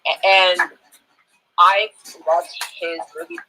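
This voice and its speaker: A young woman, a guest in a casual chat, talking in an excitable, gushing way. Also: lowish voice, takes it slowly, slight background noise, low-quality recording. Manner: excitable, gushing, many "like" fillers.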